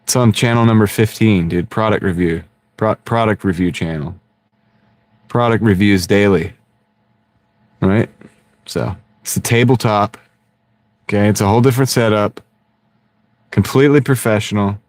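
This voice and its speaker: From inside a car, a man hosts a laid-back live stream on a wireless clip-on microphone, rambling, joking with viewers and laughing often. His voice is low and a little mellow, at a moderate pace with frequent pauses.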